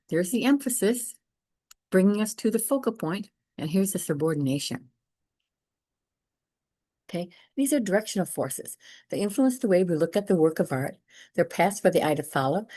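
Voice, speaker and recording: A woman art teacher giving a casual lecture over slides, enthusiastic and quick to repeat herself. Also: on the low side, dark tone, no echo.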